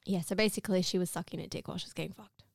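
A woman's voice: on the low side, steady tone, racing, gravelly, no room sound. Teasing woman, dry close sound. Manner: teasing, giggly. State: hungover. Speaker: podcast co-host. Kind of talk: casual chat.

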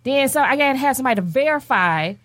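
A woman's voice: sits high, expressive, fast talker, a bit bright, dry recording, studio quality. A woman hosting a casual talk show, asking questions and passing the conversation to others. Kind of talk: casual chat.

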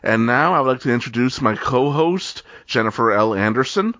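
A man hosting a fan podcast, warmly introducing his co-host and guests. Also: mid-range voice, expressive, normal speed, dry recording, lo-fi sound. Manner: friendly, announcing guests.

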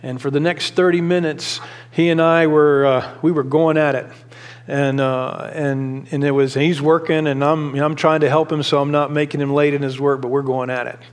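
Passionate high-voiced preacher in a reverberant hall. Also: male voice, steady tone, normal speed. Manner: passionate, rising to emphatic exhortation; conversational storytelling with many restarts. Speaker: pastor. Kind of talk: sermon.

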